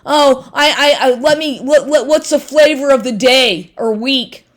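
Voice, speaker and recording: A whiny, self-absorbed grown man, pitched up high and sing-song, every line dripping with mockery, as a woman puts him on. The impression is exaggerated and sneering, pushed well above her normal voice. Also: unhurried. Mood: mocking.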